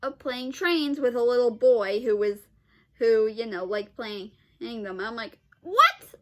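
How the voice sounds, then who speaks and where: A woman's voice: a little high, fairly even intonation, a little slow, darkish tone, slight background noise. A woman vlogger telling a personal story in a casual, rambling way, full of restarts, sighs and exasperated "ugh"s.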